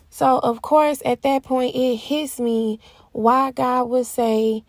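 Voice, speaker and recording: Young woman, casual testimony, animated, laughs a lot, slightly high, dry recording. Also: dry recording. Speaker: Christian vlogger sharing a testimony.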